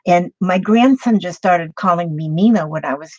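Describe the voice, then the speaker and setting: A woman's voice: fairly low pitch, moderate pace, no echo. An older woman hosting a casual craft livestream, chatting in a rambling way and greeting viewers one by one. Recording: dull lo-fi dry sound.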